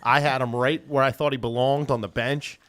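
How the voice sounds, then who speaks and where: Man, podcast co-host, casual sports chat, brash, excitable, cusses a lot. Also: medium pitch, normal speed, smooth. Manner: brash, excitable, swears freely.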